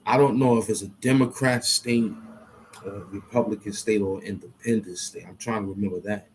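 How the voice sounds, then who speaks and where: A man's voice: on the low side, fairly even intonation, fairly quick, a little hiss or hum. A man rambling to himself as he thinks aloud, often hesitating, repeating himself and restarting.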